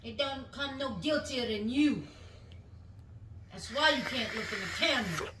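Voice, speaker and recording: A woman's voice: sits high, measured pace, a bit bright. A woman co-host in casual chat, taunting and accusing. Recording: roomy, distant mic, faint background noise.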